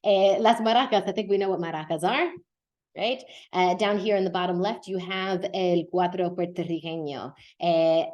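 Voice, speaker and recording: A woman's voice: fairly low pitch, moderate pace, darkish tone, muffled recording. A woman teaching a Spanish lesson on a podcast, explaining patiently, often checking in with "okay?" and moving between English and Spanish.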